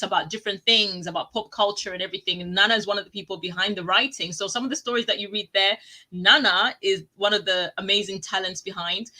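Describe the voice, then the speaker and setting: A woman hosting a live online show, chatting casually and telling stories excitedly, often breaking into laughter. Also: medium pitch, poor audio. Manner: excitable, animated storytelling with laughs. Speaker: talk show host. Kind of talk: live casual TV review chat.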